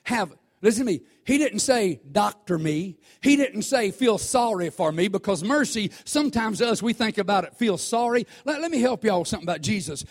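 High-voiced preacher man, drawl. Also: expressive, brisk, few pauses. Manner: conversational preaching that swells to shouts. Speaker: pastor. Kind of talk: sermon.

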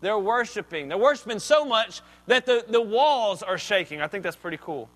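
A man's voice: sits high, animated, normal speed, a bit bright. A man preaching a sermon as a pastor, reading scripture and explaining it in a conversational way with joking asides.

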